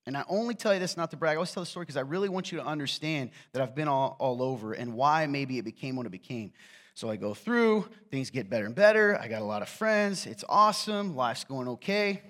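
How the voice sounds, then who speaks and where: A man's voice: mid-range voice, very animated, quick pace, fairly bright tone. Man with a faint Southern drawl, telling stories. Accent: Southern US, Appalachian. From Eastern Kentucky. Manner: conversational storytelling with self-deprecating humor. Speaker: pastor. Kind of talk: sermon.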